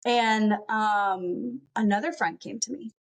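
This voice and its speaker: Woman, podcast guest, personal story, earnest, fillers, fairly high voice. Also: slow pace. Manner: earnest, lots of "um" and "like".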